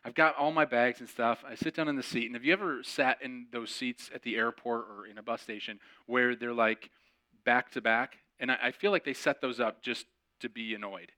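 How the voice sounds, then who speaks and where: A man's voice: medium pitch, normal speed. A man hosting a podcast, telling a personal story as a sermon and acting out the voices of the people in it. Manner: animated, acts out quoted voices. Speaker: podcast host and preacher.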